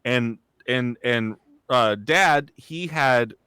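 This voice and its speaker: Bright, crisp-voiced man telling animated stories. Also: mid-range voice, drawn-out words, no room sound, studio quality. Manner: animated storyteller acting out quoted voices. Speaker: comedian and voice actor. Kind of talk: casual storytelling chat.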